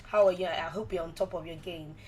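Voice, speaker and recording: A woman's voice: on the low side, steady tone, fairly quick, darkish tone, a little hiss or hum, rough recording. Chatty woman hosting radio. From Nigeria. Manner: chatty, asks listeners repeated questions. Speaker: radio host, mental health advocate. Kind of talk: live radio monologue. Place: radio studio.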